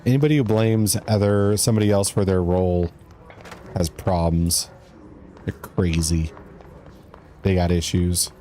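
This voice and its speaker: A man's voice: deep voice, steady tone, unhurried, pauses often, warm tone, slight background noise. A man streaming a game live, chatting casually with his viewers and reading in-game letters aloud.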